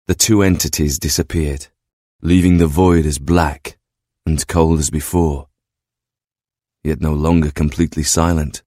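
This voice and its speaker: A man reading a story aloud in steady, descriptive narration. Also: very deep voice, unhurried, dry recording, studio quality.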